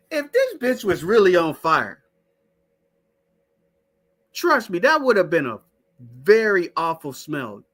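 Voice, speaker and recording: A man's voice: high-pitched, fairly bright tone. A man hosting a casual stream, talking to his chat in a profane, skeptical way. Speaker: show host. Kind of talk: casual live-stream talk.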